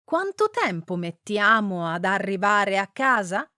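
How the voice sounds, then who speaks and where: A woman slowly and carefully reading short example sentences and single words, with deliberate, precise pronunciation. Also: mid-range voice, sing-song, sharp tone, clear, resonant tone, dry recording, studio quality.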